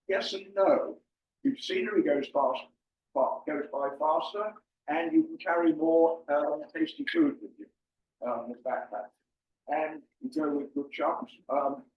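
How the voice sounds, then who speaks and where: An older man giving an informal slide presentation to an audience, chatty and joking, with lots of ums. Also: a little high. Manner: jokey, chatty, with many ums. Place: meeting room with an audience. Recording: far-off mic, roomy and muffled.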